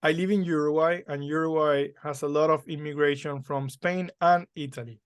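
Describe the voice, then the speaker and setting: A man hosting a relaxed interview, talking conversationally and checking in with tag questions. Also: a little high, normal speed, clean tone, no echo, clean studio sound. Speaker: podcast host. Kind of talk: casual interview.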